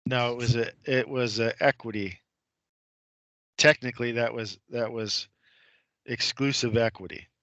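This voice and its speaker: Bright-voiced man telling an emphatic story. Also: mid-range voice, fairly even intonation, unhurried, long pauses, no room sound, lo-fi sound. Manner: retells courtroom scenes, imitating the judge's voice; emphatic, repeats points with rhetorical questions. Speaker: guest. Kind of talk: conversational storytelling on a radio show.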